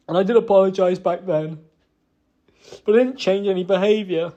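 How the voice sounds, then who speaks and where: A young man with a high, mellow voice says sorry to his partner in a private talk, heard on lo-fi sound. He's hesitant and regretful, tripping over fillers and cursing.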